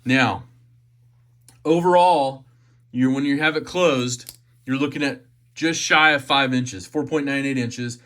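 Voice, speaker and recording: A man's voice: mid-range voice, measured pace, pauses often, fairly bright tone. A man giving a chatty, enthusiastic knife unboxing review, often repeating his phrases.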